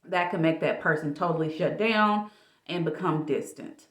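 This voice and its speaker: A low-voiced woman coach gives dating advice in a loose, chatty vlog manner. Her voice bounces around an echoey room, as if picked up by a camera a little way off. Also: moderate pace. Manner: chatty, casual, animated. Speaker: life coach.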